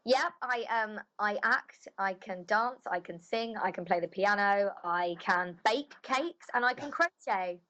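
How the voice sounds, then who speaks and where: A woman's voice: mid-range voice, unhurried, hardly any pauses, pushed and bright, poor audio. A woman voice actress chatting casually in an interview, loose and full of filler phrases. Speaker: voice actress guest.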